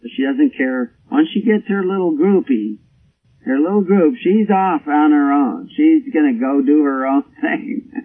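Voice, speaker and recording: A middle-aged man preaches in a folksy, storytelling way, chuckling now and then. His voice is husky and sits in an ordinary middle register. The sound is thin and phone-like, as from an old radio broadcast. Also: medium pitch. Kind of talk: folksy sermon with anecdote.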